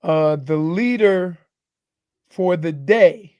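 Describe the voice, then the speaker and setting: A man on a sports radio show reading golf scores off a leaderboard, pausing often with fillers. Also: sits high, darkish tone, dry recording. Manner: halting, with fillers as he reads a leaderboard. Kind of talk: casual sports radio banter. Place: radio studio.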